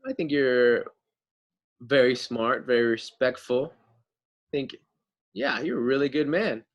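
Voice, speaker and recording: A man voicing an eager flatterer who heaps praise on an admiral. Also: mid-range voice, slow, highs cut off, close to an everyday voice. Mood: fawning. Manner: gushing, fawning praise.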